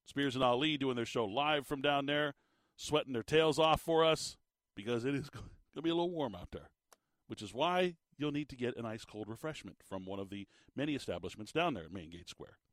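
A man hosting a sports radio show, ranting in an animated, incredulous way with a tired, slightly squeaky voice. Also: brisk, dry recording, clean studio sound. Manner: animated, incredulous rants with laughs. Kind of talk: sports talk radio monologue.

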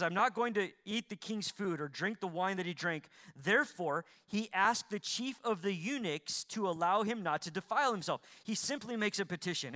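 A man preaching a sermon to a congregation, asking them questions and repeating lines for emphasis, swinging between loud emphasis and quiet pleading. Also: high voice. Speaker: pastor.

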